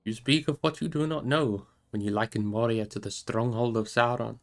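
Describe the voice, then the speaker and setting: A man reading aloud voices an old male wizard, solemn and commanding, in measured tones. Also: medium pitch, steady tone, close to an everyday voice. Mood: grave. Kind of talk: audiobook reading.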